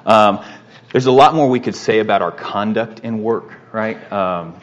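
A man teaching a Bible lesson in a conversational way, often pausing with fillers and asking "right?". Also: on the low side, lo-fi sound, slight background noise.

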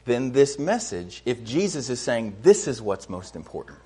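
A man preaching a sermon in an earnest way, often repeating words as he starts a phrase and rising in pitch to stress a point. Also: sing-song, moderate pace, few pauses, mellow, breathy edge.

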